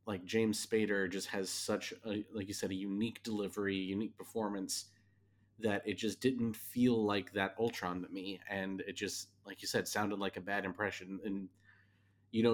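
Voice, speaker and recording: A man co-hosting a podcast in casual conversation, his voice sitting a little low. He speaks candidly and loosely, restarting his thoughts as he goes. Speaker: podcast co-host. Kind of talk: casual chat reviewing a show.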